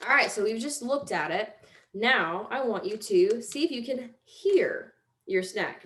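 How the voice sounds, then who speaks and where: A woman's voice: a little high, lively intonation, a little slow, fairly bright tone, a little hiss or hum. A young woman teaching a casual mindfulness exercise, chatty and self-deprecating, giving step-by-step instructions and yawning now and then.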